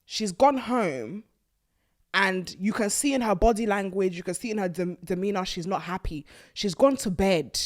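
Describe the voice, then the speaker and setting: A woman, hosting a casual talk about a reality TV show, animated and mocking as she acts out the people she talks about. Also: mid-range voice, normal speed. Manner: animated, mocking, quotes people in put-on voices. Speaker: host.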